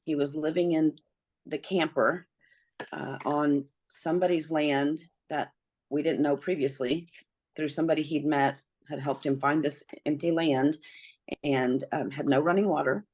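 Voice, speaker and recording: A middle-aged woman with a deep, low voice recounts a personal story as an interview guest. She speaks earnestly and acts out the lines she quotes. The recording sounds dull and lo-fi. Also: steady tone, unhurried, darkish tone.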